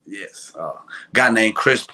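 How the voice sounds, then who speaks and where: A man in his forties with a Mississippi accent talks as a guest, soft-spoken and hesitant, often pausing on uh. His voice sits a bit low but sounds bright. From Tupelo, Mississippi. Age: 40s. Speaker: gospel quartet singer, guest.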